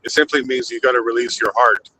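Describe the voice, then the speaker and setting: A male talk show host speaks reflectively and leads the talk with questions. His voice is bright and forceful. A faint hiss sits underneath it. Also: mid-range voice, steady tone, fast, poor audio. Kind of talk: casual talk show chat.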